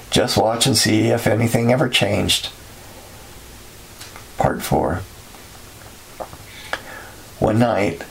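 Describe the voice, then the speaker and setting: A man narrating a story in a steady, somber way. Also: on the low side, gravelly, a little hiss or hum, poor audio.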